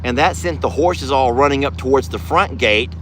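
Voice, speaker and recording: A man's voice: medium pitch, moderate pace, fairly bright tone, slight background noise. A man, a ranch owner vlogging outdoors from a side-by-side and sweet-talking his animals. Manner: doting, talks baby talk to animals. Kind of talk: casual vlog narration.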